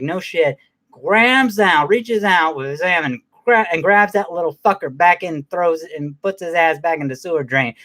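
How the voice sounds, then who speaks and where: A man's voice: a little high, a bit bright. A man giving a casual, profanity-heavy movie recap in a rambling way, with many fillers and restarts. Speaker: movie reviewer.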